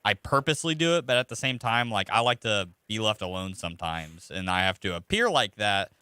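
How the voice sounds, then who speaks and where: A man's voice: lowish voice, animated, fairly quick, bright, forceful tone, clean tone, dry recording. A young man co-hosting a radio show, rambling in an easygoing casual chat. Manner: rambling, easygoing, lots of fillers.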